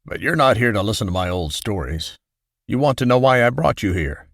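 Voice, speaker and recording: A man voicing a calm, enigmatic older stranger who speaks softly and in a measured, faintly amused way. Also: fairly low pitch, no room sound, clean studio sound, full character voice. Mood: reminiscent.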